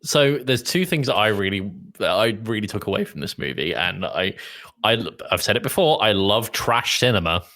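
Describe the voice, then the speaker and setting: Amused British man, bright low voice. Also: animated, moderate pace. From Britain. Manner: amused, laughs often, easygoing. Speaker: podcast co-host. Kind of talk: casual chat, film review.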